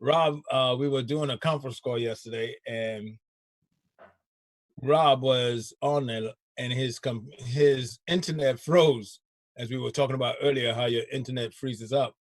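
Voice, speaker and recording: Husky guy hosting a loose chat show, slangy and easygoing, dry close sound. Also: mid-range voice, fairly even intonation, a little slow, no echo. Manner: laid-back, laughs often, uses slang. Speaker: show host. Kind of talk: casual chat.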